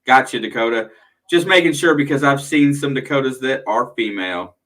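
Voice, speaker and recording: A man's voice: medium pitch, brisk, a bit bright. Laid-back young man co-hosting a livestream. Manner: laid-back, reads out stats. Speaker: livestream co-host. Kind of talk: casual sports talk.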